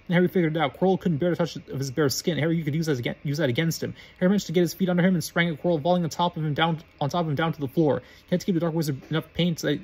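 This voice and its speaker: A man reading a story aloud, quickly and with frequent stumbles and restarts. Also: fairly high pitch, darkish tone, breathy edge. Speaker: reader.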